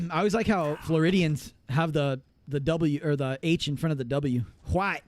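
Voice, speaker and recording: A man chatting casually on a live gaming stream, excitable and profane, laughing often. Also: on the high side, moderate pace.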